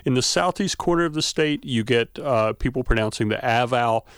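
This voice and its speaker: A male academic guest on a radio show, thoughtfully explaining with frequent pauses and fillers. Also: mid-range voice, clean tone, no room sound, clean studio sound. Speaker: guest expert, folklore and language scholar.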